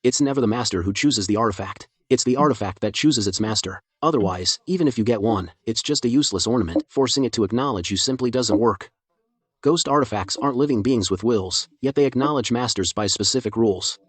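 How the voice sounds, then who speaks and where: An actor playing a calm, composed young male doctor of ghosts in an animated drama dub. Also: mid-range voice, fairly quick, slightly rough, no echo, lightly acted. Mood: thoughtful.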